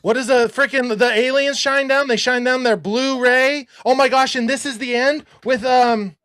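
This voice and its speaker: Very high-voiced excitable man. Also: clean tone. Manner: excitable, rapid, self-interrupting, gets worked up and yells. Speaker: show host. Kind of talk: excited conspiracy breakdown chat.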